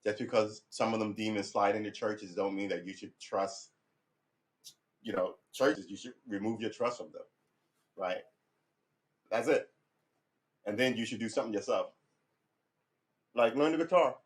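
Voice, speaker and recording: A middle-aged man chatting casually on a livestream about guitar practice, rambling and swearing, getting loud and heated when he rants. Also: lowish voice, moderate pace, long pauses.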